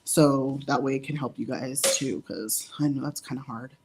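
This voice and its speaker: Low-voiced, chatty woman nail artist. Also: steady tone, moderate pace, noisy background. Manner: chatty and giggly, full of "like" and "um". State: slightly out of breath. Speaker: nail artist giving a live demo. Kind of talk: casual live-stream tutorial. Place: indoor studio under hot lights.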